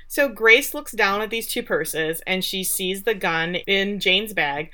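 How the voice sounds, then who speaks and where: Bright-voiced woman recapping a show. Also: mid-range voice, slow, hardly any pauses. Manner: chatty recap with sarcastic asides and acted-out quotes. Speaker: podcast co-host recapping a TV episode. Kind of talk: casual chat.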